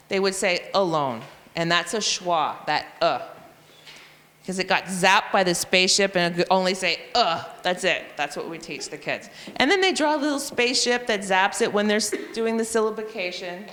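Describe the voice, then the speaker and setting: A woman teacher presenting a reading intervention method to other educators, spelling out letters and sounds slowly and clearly. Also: mid-range voice, a bit bright, in a large hall. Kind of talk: professional development presentation. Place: school room or hall.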